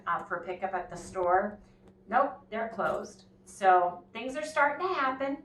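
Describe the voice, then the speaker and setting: A woman's voice: medium pitch, fairly bright tone, echoey room, rough recording. A woman chatting casually in a rambling way while cooking at home for her vlog. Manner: chatty, rambling, laughs often. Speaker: vlogger. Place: home kitchen.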